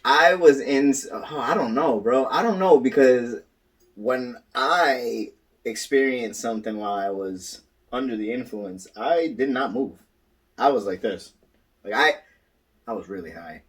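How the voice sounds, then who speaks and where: A man co-hosting a podcast, telling stories in casual chat, animated and acting out quotes. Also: mid-range voice, measured pace, distant mic. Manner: animated storytelling, acts out quotes, swears, laughs a lot. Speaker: podcast co-host.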